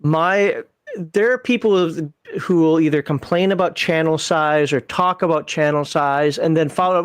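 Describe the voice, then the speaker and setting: A man's voice: fairly high pitch, clear, resonant tone, no room sound, studio quality. Chatty Minnesotan man hosting a call-in. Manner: rambling, self-correcting, quick to laugh. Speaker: livestream host. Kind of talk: casual call-in chat.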